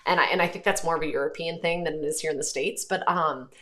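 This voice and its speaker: An Irish woman in her thirties hosts a casual livestream, reading comments aloud and answering them. Her voice sits fairly low, and she talks in an earnest, conversational way, pausing often to gather her thoughts. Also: sharp tone. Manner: earnest, conversational, frequent pauses. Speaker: host.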